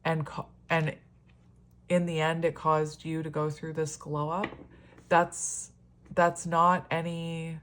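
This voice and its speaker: A woman's voice: sits low, little pitch movement, takes it slowly. A woman in a casual solo tarot reading, chatty and rambling, often laughing and exclaiming at the cards. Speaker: tarot reader.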